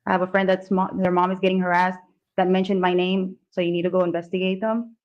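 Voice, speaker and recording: A woman giving courtroom testimony, answering softly and hesitantly with restarts and a polite "yes, ma'am". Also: fairly low pitch, level tone, quick pace. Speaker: defendant testifying at trial. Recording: dull courtroom audio.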